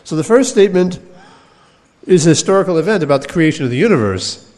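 A man giving a scripture class, explaining texts in a measured way and pausing over quoted verses. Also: a little high, big pitch swings, darkish tone. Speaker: teacher of Vedanta scripture. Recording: long hall reverb.

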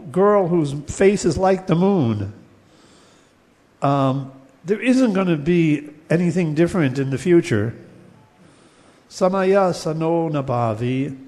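A man's voice: fairly high pitch, a little mellow. Man lecturing in a reverberant hall. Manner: explains patiently, chants Sanskrit verses, many fillers and restarts. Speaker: teacher of Sanskrit poetics. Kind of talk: classroom lecture.

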